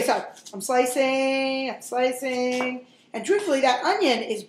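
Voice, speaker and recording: Cooking host, woman, 40s, high and chatty with wisecracks, roomy echoey kitchen. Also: a little slow, a little hiss or hum. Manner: chatty, jokey, talks straight to viewers. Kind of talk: casual cooking demonstration.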